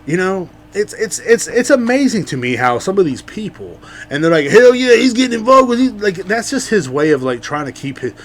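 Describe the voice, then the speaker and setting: A podcast host from Central Texas, USA, delivers a casual, rambling rant that is heavily profane and edged with sarcasm. His voice sits on the high side and is very animated, moving at a moderate pace with few pauses.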